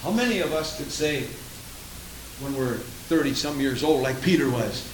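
A man preaching a sermon in a dramatic manner, swinging from loud to hushed, recorded in an echoey hall from far off. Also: mid-range voice, animated, moderate pace, a little hiss or hum.

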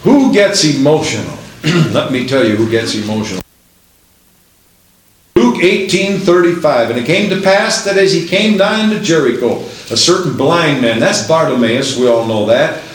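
Fervent preacher man in an echoey hall. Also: fairly high pitch. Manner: fervent, reads scripture aloud in King James wording. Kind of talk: sermon.

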